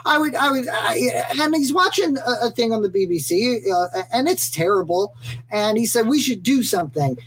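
A woman co-hosting a podcast in casual chat, talking in an animated, rambling way full of restarts. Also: fairly high pitch, normal speed, slightly rough, rough recording. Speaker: podcast co-host.

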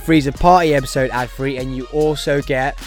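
A man's voice: medium pitch, fairly even intonation, fairly quick, faint music behind. A man hosting a casual podcast, plugging his other show with jokey, rambling asides. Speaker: podcast host.

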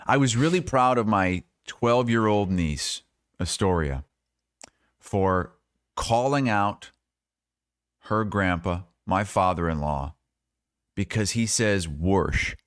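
Man from Iowa, low voice, dry close recording, teasing podcast co-host. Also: animated, takes it slowly, long pauses, no echo. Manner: teasing, storytelling. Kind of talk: casual sports chat.

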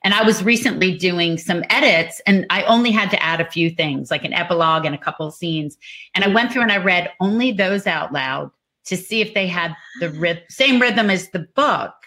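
A woman's voice: on the low side, animated, normal speed, pushed and bright. A woman co-host reading viewer comments and sharing her writing habits in a casual chat.

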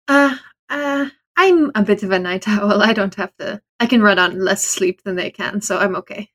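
Woman, tabletop player, hesitant, excitable, mid pitch. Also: normal speed. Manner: hesitant, excitable, laughs often.

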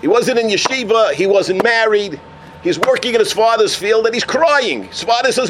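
A man telling stories in a sermon as a Torah teacher, animated, with Hebrew and Yiddish terms woven into his English. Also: sits high, normal speed, background noise. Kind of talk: sermon storytelling.

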